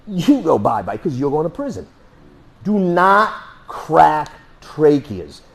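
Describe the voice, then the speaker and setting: A man's voice: mid-range voice, a little mellow. A man teaching a self-defense class, blunt and joking, who swears casually and makes sound effects while he demonstrates moves. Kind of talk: hands-on class instruction.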